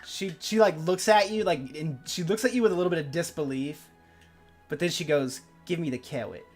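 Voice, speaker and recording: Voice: mid-range voice, lively intonation, fairly quick, soft background music. A game master casually narrating a tabletop game, full of fillers.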